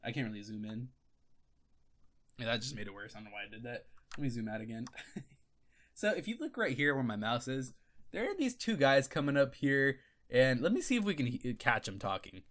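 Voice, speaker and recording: Man, gaming video host, casual commentary, excitable, swears, animated pitch, bright voice. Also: brisk, pauses often. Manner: excitable, swears freely, laughs and restarts often.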